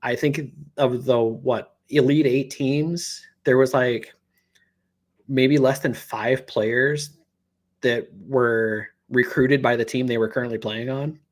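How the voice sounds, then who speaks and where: A man co-hosting a laid-back sports podcast, thinking aloud as he talks and leaning on fillers. His pitch is middle for a man, and the delivery is conversational. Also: steady tone, slow. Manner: rambling, many fillers like "you know". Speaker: podcast co-host. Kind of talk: casual sports chat.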